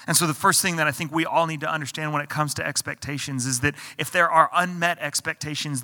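Pastor, male, bright and slightly high voice, chatty preaching with many restarts, reverberant hall. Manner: conversational preaching with repeated restarts and acted-out quotes. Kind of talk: sermon.

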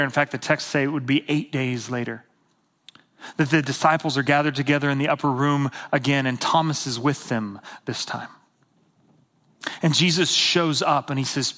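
A man in his thirties preaching a sermon, telling stories with animated energy and dropping to soft whispers at tender moments. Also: medium pitch. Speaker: pastor.

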